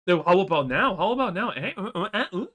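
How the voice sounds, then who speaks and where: A man's voice: high voice, expressive, fast, pushed and bright, full character voice. A man voicing a scheming male pirate from a game who nags and repeats himself. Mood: wheedling. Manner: pushy, nagging, repeats himself.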